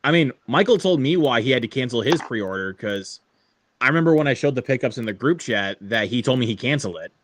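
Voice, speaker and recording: A man's voice: mid-range voice, animated, fast talker, a little hiss or hum. A young man hosting a casual online hangout, laughing often and restarting his sentences. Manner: laid-back, laughs often, stumbles and restarts. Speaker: stream host. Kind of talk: casual chat. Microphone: online call.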